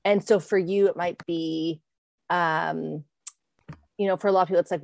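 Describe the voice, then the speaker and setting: A woman's voice: lowish voice, fairly even intonation, moderate pace, gravelly, long pauses, darkish tone, no echo. A woman podcast host responding to her guest in an affirming, chatty way, with frequent ums. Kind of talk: conversational podcast talk.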